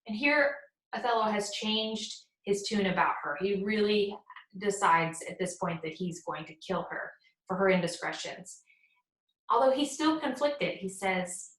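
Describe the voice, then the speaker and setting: A woman teacher talks through a play in a relaxed, conversational lecture, stopping to read quoted lines in a plain voice. Her pitch sits in the middle range for a woman. The room around her rings with echo. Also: measured pace. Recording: echoey room.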